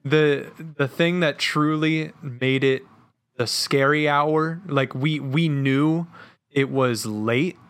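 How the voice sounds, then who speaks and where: Slow-talking laid-back young man. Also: fairly high pitch, steady tone, fairly bright tone, clean tone, no echo. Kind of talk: casual storytelling chat.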